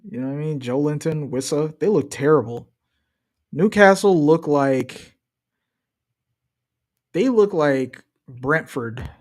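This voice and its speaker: A young man talks loosely through a live stream, trash-talking and joking about football as he watches. His voice sits fairly high for a man. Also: slow pace, long pauses. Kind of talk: casual live-stream commentary.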